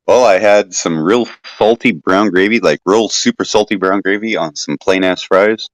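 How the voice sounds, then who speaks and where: A relaxed man rambling in casual conversation and swearing freely. His voice is fairly low. The sound is dry, with no room echo. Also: normal speed. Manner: laid-back, swearing, rambling. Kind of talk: casual chat.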